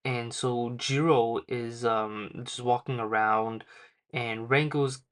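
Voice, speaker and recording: A man's voice: mid-range voice, fairly even intonation, slow, clean tone. A young man casually recapping a manga chapter in a rambling, slangy way with lots of fillers. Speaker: manga reviewer.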